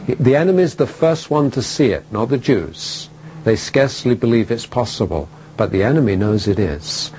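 A man preaching a sermon in an emphatic way, pausing between phrases, repeating key words and asking rhetorical questions of his listeners. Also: medium pitch, darkish tone, slight background noise, low-quality recording.

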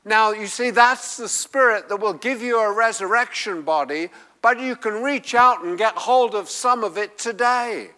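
A man's voice: high voice, moderate pace, bright, forceful tone, smooth. A man preaching a sermon who explains the Greek text and repeats his key phrases for emphasis. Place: church hall with congregation. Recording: long hall reverb.

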